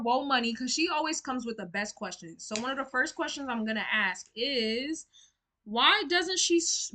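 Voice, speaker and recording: Brief: young woman tarot reader talking to camera, blunt and talkative, bright tone. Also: fairly high pitch. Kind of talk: casual tarot reading to camera.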